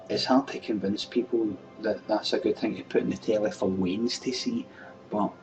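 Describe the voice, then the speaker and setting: Lowish and darkish in tone, a Scottish man in his thirties rants casually on his webcam show, fielding viewer questions with blunt, exasperated swearing. The webcam mic sits at a distance and catches faint room noise.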